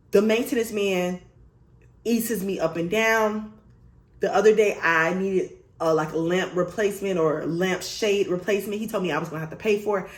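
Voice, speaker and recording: A young woman vlogger telling a storytime story in an animated, emphatic way, swearing freely. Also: on the low side. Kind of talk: storytime vlog. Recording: roomy echo.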